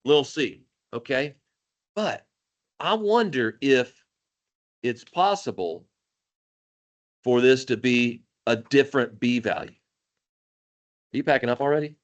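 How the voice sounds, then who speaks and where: A man teaching math to a class, animated and jokey, calling on students by name. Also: medium pitch, a little slow, pauses often. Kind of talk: classroom lecture.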